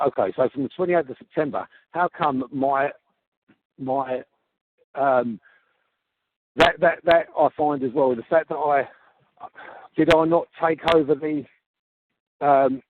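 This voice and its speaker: Exasperated man on a tinny phone call. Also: fairly high pitch. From Australia. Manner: exasperated, halting, repeats himself. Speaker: customer on a complaint call. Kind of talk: heated phone complaint.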